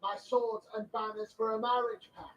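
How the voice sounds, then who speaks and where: A man's voice: high voice, level tone, moderate pace, lightly acted. An actor playing a scornful older male lord who speaks in a contemptuous, commanding way. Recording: muffled TV audio, heard from afar.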